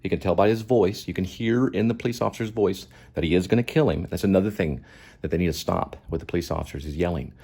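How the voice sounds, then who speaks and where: A man with a deep, low-pitched voice comments on a video as the host of his own show. He talks emphatically and preachily, circling back to repeat his key points. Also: quick pace, gravelly, dark tone, slightly rough. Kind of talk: impassioned commentary.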